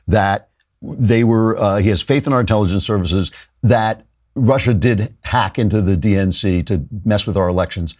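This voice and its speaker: A man hosting a political talk show, delivering fast, argumentative commentary and breaking into laughter mid-sentence. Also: lowish voice, a little mellow. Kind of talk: opinionated commentary.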